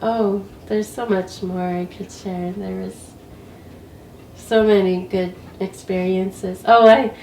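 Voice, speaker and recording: A woman's voice: medium pitch, takes it slowly, roomy sound, distant mic, a little hiss or hum, poor audio. Woman with a cold, telling a story. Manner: animated, laughing storyteller. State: sick with a cold. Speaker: interview guest, walker. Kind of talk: casual storytelling.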